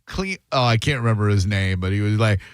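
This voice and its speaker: A man's voice: on the low side, brisk, smooth, no echo. A man hosting a radio show, riffing animatedly in comedic studio banter. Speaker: radio host. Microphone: studio microphone.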